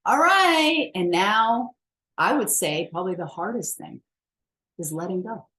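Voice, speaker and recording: A woman's voice: mid-range voice, expressive, a little slow, sharp tone. A woman wellness coach giving a chatty, emphatic motivational talk, blunt and self-mocking, with the odd swear word.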